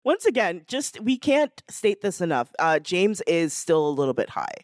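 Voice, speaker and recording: A woman co-hosts a live podcast panel, bubbly and teasing. Her voice sits low and swings widely in pitch. The sound is dry and close. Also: big pitch swings, normal speed, darkish tone, no echo. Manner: bubbly, teasing, laughs often. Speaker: podcast co-host.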